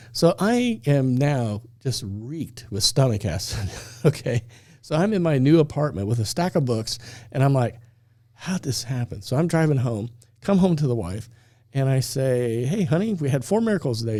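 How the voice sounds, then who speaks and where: Animated storytelling man, mellow voice. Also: medium pitch, moderate pace, dry recording, clean studio sound. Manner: animated storyteller, acts out dialogue, laughs often. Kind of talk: storytelling on a faith talk show.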